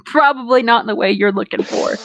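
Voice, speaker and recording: A woman's voice: on the high side, brisk, a little hiss or hum. Laughing, crude-joking young woman. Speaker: story reader and co-host. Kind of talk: casual banter and story reading.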